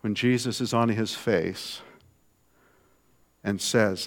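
A man preaching a sermon in a conversational way, swinging from soft, low asides to loud, emphatic lines. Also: steady tone, slow pace.

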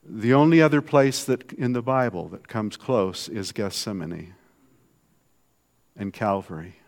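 Male preacher, mid-pitched voice, casual sermon delivery, drops to quiet asides then builds to emphatic peaks. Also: measured pace. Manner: conversational, swinging from soft to emphatic.

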